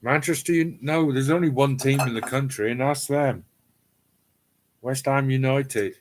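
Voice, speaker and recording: A man's voice: medium pitch, moderate pace, a little hiss or hum. A middle-aged man with an East Cornish accent, hosting a casual live stream from his cellar and chatting to viewers with frequent ums and restarts. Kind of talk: casual live chat reading viewer comments. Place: home cellar.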